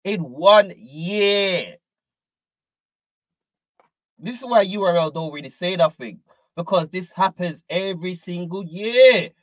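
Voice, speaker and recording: A man's voice: high-pitched, moderate pace, dry recording, low-quality recording. A man hosting a reaction show, commenting animatedly and calling out names in repeated bursts. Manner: animated, repetitive, calls out names. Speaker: host.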